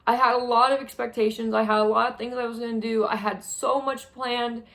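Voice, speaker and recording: A young woman talks to her camera from a small spare room, her voice high and wavering as she holds back tears. She sounds drained and numb, stopping and restarting as she speaks. Her delivery is halting and heavy. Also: fairly even intonation, gravelly, a bit bright. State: on the verge of tears. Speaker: vlogger. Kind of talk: tearful monthly review vlog.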